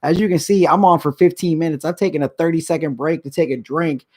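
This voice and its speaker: A man's voice: on the high side, steady tone, fast, a little mellow. A middle-aged man hosting a live stream, ranting in an agitated, rambling way. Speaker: show host. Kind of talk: casual live-stream rant.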